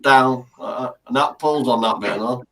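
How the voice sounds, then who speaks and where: A man's voice: mid-range voice, normal speed, bright, forceful tone. A man chatting casually on a video call, laughing often and swearing freely. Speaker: chat participant.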